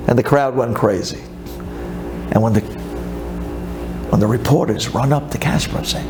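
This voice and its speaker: A man, a rabbi, telling a story in a sermon with animated, dramatic delivery. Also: mid-range voice, normal speed, long pauses, music in the background.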